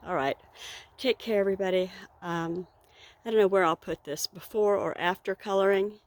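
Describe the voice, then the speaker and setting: A woman's voice: mid-range voice, normal speed. A woman chatting casually in a vlog while walking outdoors through her garden, rambling and laughing now and then, a little out of breath. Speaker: vlogger.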